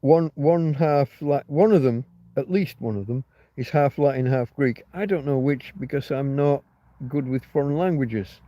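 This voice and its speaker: Man, livestream host, rambling, swears a lot, warm mellow tone, dry sound. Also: medium pitch, moderate pace, dry recording, muffled recording. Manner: rambling, swears freely, answers chat comments. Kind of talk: casual livestream chat.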